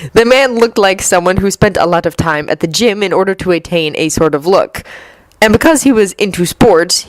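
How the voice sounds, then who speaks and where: A woman narrating a story with a steady, measured reading. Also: on the low side, no room sound, rough recording. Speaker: reader. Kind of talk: storybook narration of fan fiction.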